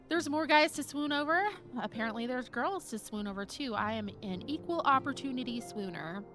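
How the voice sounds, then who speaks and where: A woman's voice: sits high, expressive, moderate pace, hardly any pauses, a bit bright. A young woman streaming a video game, chatting casually with her viewers, giggling and gushing about the characters. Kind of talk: casual gameplay chat reading chat. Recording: game music underneath.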